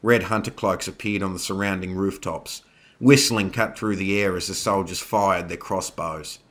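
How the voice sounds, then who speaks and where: A man with a very deep voice narrates a scripted horror tale. His tone is bright and forceful despite the low pitch. He tells the story in a steady, dramatic way. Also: moderate pace.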